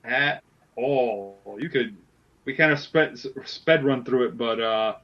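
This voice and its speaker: A man's voice: medium pitch, slow, muffled recording. A man hosting a casual wrestling podcast, retelling a story animatedly with lots of restarts. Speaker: podcast host.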